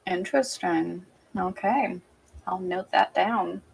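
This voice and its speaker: A woman's voice: fairly low pitch, slow, creaky, slight background noise, low-quality recording. Casual woman narrating as game master. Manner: casual, rambling, with frequent restarts.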